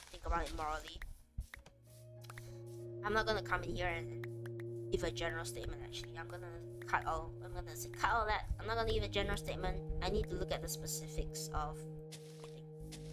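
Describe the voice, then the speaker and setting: A woman's voice: lowish voice, brisk, long pauses. Earnest young woman streamer chatting over music. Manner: earnest and animated, with many restarts and fillers. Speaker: VTuber streamer. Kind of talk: casual chat on a livestream. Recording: game music behind the voice. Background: background music.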